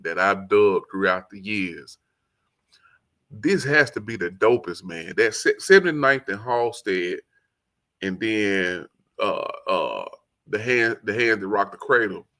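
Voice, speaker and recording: A man with a Southern accent casually reviewing a hip-hop album as host, excitable and rambling as he talks. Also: lowish voice. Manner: excitable, rambling, quotes lyrics in song voice. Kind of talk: casual solo commentary.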